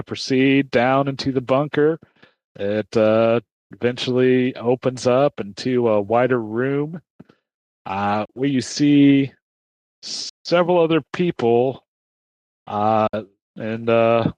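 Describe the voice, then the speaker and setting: A man narrating a tabletop game as game master, halting with many fillers. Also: medium pitch, darkish tone, no room sound.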